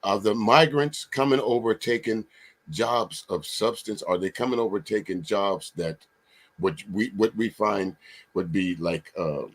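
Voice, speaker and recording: A man's voice: fairly low pitch, measured pace. A man hosting a comedic livestream panel, asking long winding questions with many fillers and restarts. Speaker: livestream host. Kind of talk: casual comedic panel chat.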